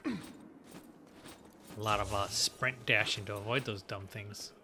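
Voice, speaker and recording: A man's voice: fairly low pitch, steady tone, unhurried, bright, forceful tone, slight background noise. A man giving casual, joking commentary while playing a game, talking back to the characters. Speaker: let's play host.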